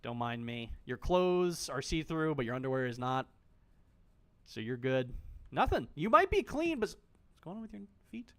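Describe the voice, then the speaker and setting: A man's voice: mid-range voice, sing-song, moderate pace. A man streaming a game, chatting casually, joking, swearing freely and talking straight to the characters on screen. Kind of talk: casual gameplay commentary.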